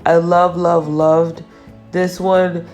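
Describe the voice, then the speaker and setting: A woman with a fairly low voice talks through her nail work in a relaxed, chatty voice-over. She teases herself about her mistakes as she goes, and soft music plays faintly underneath. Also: extremely slow. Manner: chatty and self-teasing, laughs at her own mistakes. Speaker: nail artist. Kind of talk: casual tutorial voice-over.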